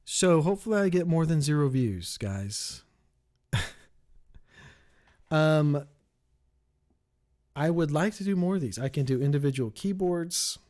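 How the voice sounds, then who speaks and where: Guy in his basement studio rambling about his gear, mellow voice, a bit high for a guy, lotsa ums. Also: expressive, a little slow, long pauses. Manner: rambling, thinking aloud with fillers. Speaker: home studio owner showing his setup. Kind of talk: casual gear demo. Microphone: main studio mic.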